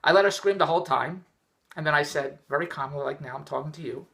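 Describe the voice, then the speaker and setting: Middle-aged male vlogger, rambling exasperated storyteller, fast delivery, bright edge. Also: fairly high pitch, creaky. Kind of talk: rambling personal vlog rant. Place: indoors, just came in from the rain.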